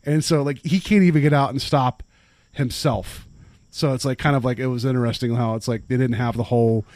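A man's voice: mid-range voice, steady tone, fairly quick, a little mellow, no echo. A man co-hosting a podcast, chatting casually about movies in a rambling way full of fillers. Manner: rambling, many fillers and restarts. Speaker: podcast co-host.

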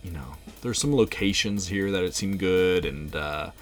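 Deep-voiced man chatting casually. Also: moderate pace, soft background music. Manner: relaxed, laughs often, many fillers. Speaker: podcast co-host. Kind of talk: casual chat.

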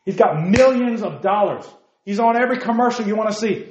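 A man's voice: high-pitched, lively intonation, darkish tone, muffled recording, slight background noise. Fervent man preaching in an echoey room. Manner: fervent, emphatic, repeats key phrases; admits he preaches fast. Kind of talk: sermon to a youth group. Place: meeting room.

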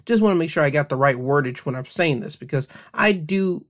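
Chatty podcast host man, fairly high voice. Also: fairly quick. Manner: chatty and friendly, addressing listeners directly with advice; relaxed, rambling delivery with fillers and self-corrections. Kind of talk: casual solo podcast monologue.

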